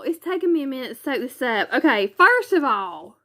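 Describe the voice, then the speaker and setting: A woman's voice: high-pitched, sing-song, a little fast, sharp tone. A woman, chatting casually in a craft vlog, gushing and exclaiming often. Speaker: craft vlogger. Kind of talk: casual chat.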